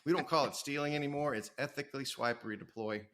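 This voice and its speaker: A man's voice: mid-range voice, fast talker. A middle-aged man, an author and business coach, talking energetically and telling stories as a podcast guest. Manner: energetic, storytelling, self-promoting. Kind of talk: podcast interview.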